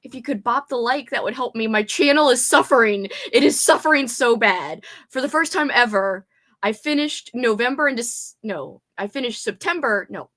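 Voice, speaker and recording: A woman's voice: on the high side, moderate pace, fairly bright tone. A woman hosting a casual reading livestream, bubbly, greeting viewers by name and laughing often. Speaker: booktube livestream host. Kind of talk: casual live chat with viewers.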